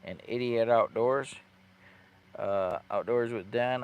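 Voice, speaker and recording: A man's voice: medium pitch, takes it slowly, smooth. A man chatting casually on a livestream from inside his parked car camper, rambling and laughing at himself as he goes through his gear. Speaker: vlogger.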